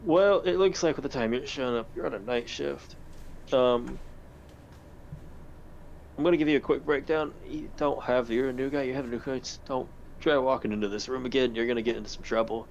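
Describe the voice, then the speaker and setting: A man's voice: mid-range voice, brisk, lo-fi sound, slight background noise, close to an everyday voice. Man doing a worn-out, brusque security guard. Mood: weary, brusque. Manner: gruff, weary, brusque instructions. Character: tired, curt male security guard at end of shift.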